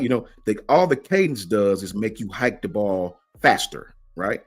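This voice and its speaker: A man's voice: fairly low pitch, lively intonation, moderate pace, hardly any pauses, breathy edge, soft background music. A man hosts a livestream and answers the chat, emphatic and slangy, firing off rhetorical questions. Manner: slangy, keeps asking "right?". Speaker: host of a college football fan channel.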